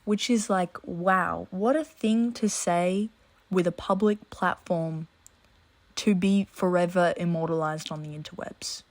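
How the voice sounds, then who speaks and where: A woman's voice: lowish voice, steady tone, a little slow. Aussie woman chatting wry quiz commentary, swears a lot, roomy far-off sound. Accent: Australian. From Australia. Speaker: host of a quiz video. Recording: echoey room, mic set back.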